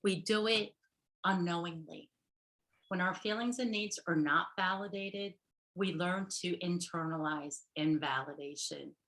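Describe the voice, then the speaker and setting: A woman's voice: fairly low pitch, measured pace, fairly bright tone, echoey room, poor audio. A middle-aged woman therapist giving a casual workshop talk. She chats along, laughs often and keeps checking in with "right?" and "okay".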